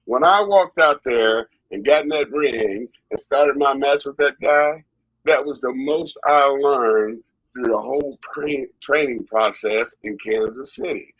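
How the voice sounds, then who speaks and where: A middle-aged man tells his story in a husky, slightly breathy voice, circling back and repeating himself as he goes. The sound is dry and somewhat dull, like lo-fi audio. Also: mid-range voice, a little slow, no echo. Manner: animated, repetitive storyteller. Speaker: wrestling guest. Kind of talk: storytelling interview.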